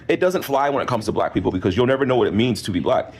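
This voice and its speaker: A man hosts a commentary video, speaking directly and emphatically as if lecturing. His voice sits at a middle pitch. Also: expressive, fast, few pauses. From United States. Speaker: host.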